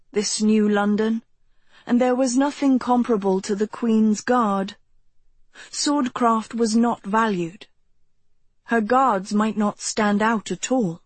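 A woman narrates a novel in a slow, gentle, measured way. Her voice is soft and breathy at a middle pitch. The recording is dry and close, with no room sound. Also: no echo. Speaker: audiobook narrator. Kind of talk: scripted narration.

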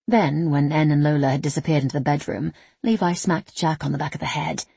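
A woman narrating an audiobook in an even, steady reading voice. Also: sits low, a little fast, gravelly, breathy edge, dry recording.

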